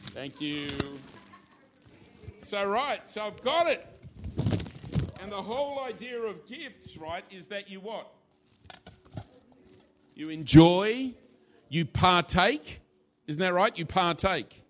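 A man's voice: sits high, expressive, takes it slowly, pauses often, fairly bright tone. A male pastor preaching a sermon in a church, informal and playful, acting out little scenes as he teaches. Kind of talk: sermon with a live demonstration.

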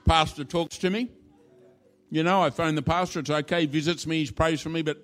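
A man's voice: fairly high pitch, steady tone, a little fast. A male pastor preaching a sermon in a church, informal and playful, acting out little scenes as he teaches. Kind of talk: sermon with a live demonstration.

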